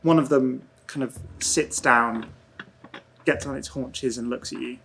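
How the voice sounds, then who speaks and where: A man narrating a tabletop role-playing game as game master, in slow, hushed, dreamy descriptions. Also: mid-range voice, steady tone, vocal fry, slight background noise.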